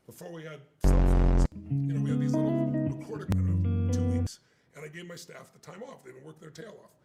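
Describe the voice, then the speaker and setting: An older man telling a story in an emphatic, animated way. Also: a little high, creaky. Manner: emphatic, acts out quoted voices.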